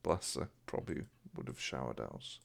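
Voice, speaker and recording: A man's voice: rumbling low, lively intonation, brisk, gravelly. A young man co-hosting a podcast, telling rambling, self-mocking stories in casual chat. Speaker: podcast co-host.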